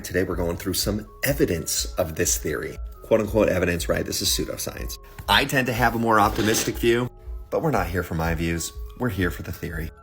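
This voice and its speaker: A man's voice: sits low, a bit bright. A man talking casually to his viewers in a vlog, chatty and often checking in with them. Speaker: social media creator.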